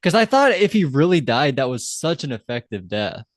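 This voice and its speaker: A man's voice: mid-range voice, very animated, normal speed, no room sound, studio quality. A man co-hosting a casual podcast, recapping an episode bluntly, swearing freely and acting out lines in sudden shifts of voice. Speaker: podcast co-host.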